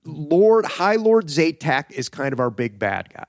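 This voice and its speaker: A man's voice: fairly high pitch, sing-song, a little slow, no echo, studio quality. A man hosting a podcast in casual chat, rambling and swearing, with many "like"s. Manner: rambling and profane, full of "like". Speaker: podcast host.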